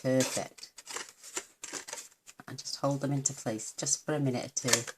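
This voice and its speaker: Lady, really low voice, chatty craft demo at home, hissy recording with clicks and paper shuffling. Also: steady tone, unhurried. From United Kingdom. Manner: homely, chatty, self-deprecating asides. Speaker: papercraft demonstrator.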